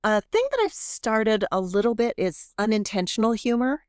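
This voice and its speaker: A middle-aged woman professor, chatty and animated, often interrupting herself as she talks in a podcast interview. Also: a little high, normal speed, clean tone, dry recording, studio quality. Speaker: guest professor.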